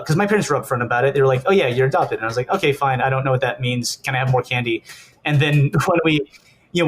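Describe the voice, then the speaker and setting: A man's voice: medium pitch, a little hiss or hum. Rambling American man, casual interview. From Southern California. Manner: rambling, lots of fillers and laughs, acts out quoted people. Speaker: stuntman guest.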